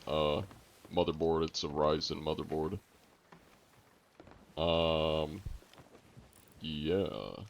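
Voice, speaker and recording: A young adult man streaming a game live, chatting casually with viewers in a relaxed, rambling way full of fillers. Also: low-pitched, a little hiss or hum. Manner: relaxed and rambling, lots of "like" and fillers, joking with chat. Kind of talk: casual live-stream chat while gaming.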